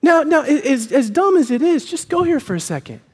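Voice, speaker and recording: Guy pastor, really high voice, preaching in church, tells stories then gets fired up. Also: very animated, normal speed. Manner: storytelling, acting out voices, builds to fervent proclamation. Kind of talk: sermon. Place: church sanctuary.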